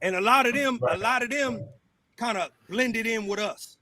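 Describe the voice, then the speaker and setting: A man's voice: very high voice, moderate pace, pushed and bright, slight background noise. A man arguing on a panel, repeating his phrases and talking over others. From Louisiana. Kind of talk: heated casual debate.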